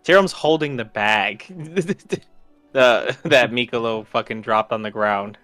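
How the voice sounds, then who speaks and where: A man's voice: mid-range voice, slow pace, fairly bright tone, no echo, faint music behind. A man playing in a tabletop game, talking offhandedly. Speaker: player. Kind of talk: casual game chat.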